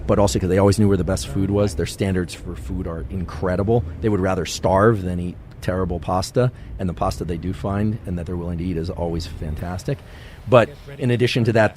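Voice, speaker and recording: A male scientist giving a calm, measured science podcast lecture. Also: low-pitched.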